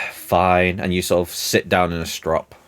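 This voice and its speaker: A man narrating as game master in an animated, rambling storytelling manner. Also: low voice, a little fast.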